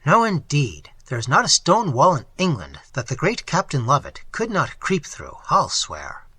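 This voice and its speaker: A man's voice: a little high, huge pitch swings, normal speed, bright, forceful tone, husky, no echo, full character voice. A man doing an eager robber sidekick. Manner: eager, slangy. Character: admiring young robber follower, eager and loyal.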